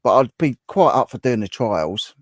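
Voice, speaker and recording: Streaming casually from home, a man likely in his thirties or forties reads viewer comments aloud, chats away, and laughs often. He speaks in an expressive mid-range voice at a moderate pace, with studio-quality sound and no room noise.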